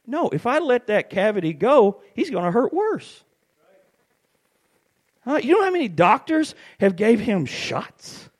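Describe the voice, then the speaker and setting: A middle-aged man preaching a sermon, telling stories with animated swings up to shouted peaks. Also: extremely high pitch, measured pace, breathy edge.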